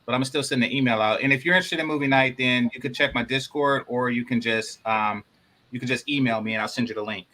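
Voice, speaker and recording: A man hosting a casual livestream panel, talking in a relaxed way with lots of "um"s and restarts. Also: mid-range voice, fast. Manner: relaxed, hesitant with many fillers. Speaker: host.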